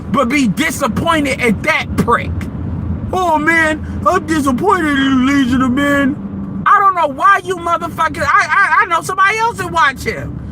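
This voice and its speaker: A man's voice: very high voice, noisy background. A man hosting an online audio room, ranting bluntly and profanely in casual commentary.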